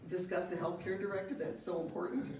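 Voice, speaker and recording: A woman's voice: fairly low pitch, steady tone, quick pace, background noise. An older woman speaking at a seminar, sharing personal stories in an earnest way with frequent restarts. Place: seminar room. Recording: echoey room, distant mic.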